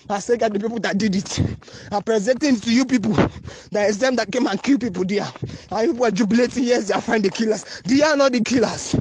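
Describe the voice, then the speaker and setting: A man's voice: extremely high pitch, darkish tone, husky. A man with a Nigerian English accent, making an urgent, repetitive, pleading appeal in a phone voice note. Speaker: anonymous voice-note caller. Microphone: phone voice recording.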